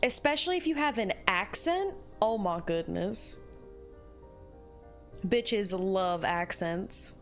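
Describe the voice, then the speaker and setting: A woman's voice: medium pitch, animated, slow pace, long pauses, soft background music. A young woman streaming a game, joking and bantering with her chat. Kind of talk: casual gameplay chat.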